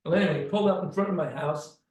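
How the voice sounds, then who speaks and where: A man's voice: on the high side, rapid-fire, reverberant, poor audio. A man from Detroit telling a dramatic personal story, acting out the other people's voices.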